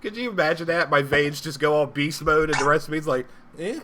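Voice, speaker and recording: A man co-hosting a casual live-stream talk show, swearing freely and laughing loudly. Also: a little high, a little fast, noisy background. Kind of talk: casual profane banter. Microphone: live-stream microphone.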